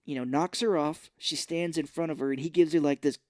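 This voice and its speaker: A man's voice: on the high side, brisk, dry recording, clean studio sound. A man co-hosting a podcast, recapping a film in casual chat and acting out scenes as he goes. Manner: animated storytelling, acts out scenes. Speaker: podcast co-host.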